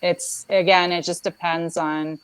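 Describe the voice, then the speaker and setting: A woman's voice: on the low side, level tone, a little slow, smooth, no echo. Hesitant woman stager on a phone call. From Minnesota. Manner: hesitant, many restarts and fillers. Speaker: home stager and photographer. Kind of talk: casual live chat.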